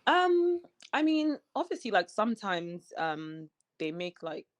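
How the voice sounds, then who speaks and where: Woman on a video call, lowish voice, dry sound, keeps saying you know and like. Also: big pitch swings, measured pace, dry recording. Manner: talkative, sprinkles in "you know" and "like". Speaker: reality show cast member as guest. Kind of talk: casual interview chat.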